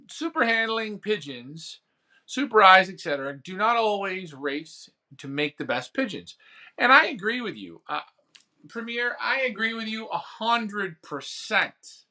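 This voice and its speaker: This man hosts a pigeon racing show, his high voice pushed and bright. In casual live-stream chat, he rambles through a story about an auction, acting out the phone bids, and responds to viewer comments.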